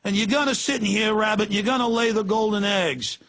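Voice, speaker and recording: A man's voice: high-pitched, steady tone, brisk, a bit bright, voice pushed up. A man putting on the voice of a bossy male cartoon gangster with a tough-guy drawl. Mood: menacing.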